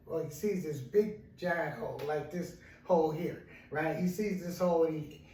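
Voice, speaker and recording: A man's voice: fairly high pitch, moderate pace, warm tone, a little hiss or hum. Rambling male counselor telling a story. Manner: rambling, repetitive, frequent "right?". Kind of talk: storytelling talk. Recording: roomy echo, mic at a distance.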